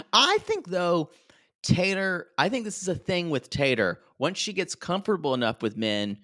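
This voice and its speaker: Gossipy man with a lively voice. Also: high voice, a little slow, pauses often, no room sound, studio quality. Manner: gossipy, laughs often, mimics cast members in quotes. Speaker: podcast co-host. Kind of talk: casual chat recapping reality TV.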